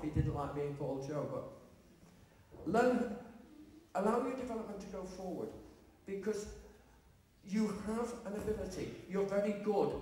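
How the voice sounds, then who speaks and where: A man's voice: high-pitched, darkish tone, slight background noise. A middle-aged man, a spiritualist medium, giving earnest advice to trainee healers. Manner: earnest, advising. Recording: echoey hall from far off, faint music.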